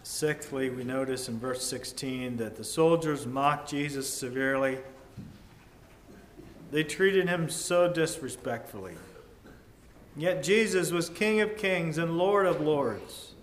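Male preacher, slow and earnest, rises loud then drops to a hush; echoey church room with faint background hum. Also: fairly high pitch. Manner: measured, earnest, with sudden swings between loud and hushed. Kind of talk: sermon.

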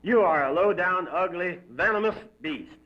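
A man's voice: sits high, expressive, moderate pace. A man doing a sobbing, pleading damned man. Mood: desperate. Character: terrified damned man begging for mercy. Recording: dull lo-fi recording.

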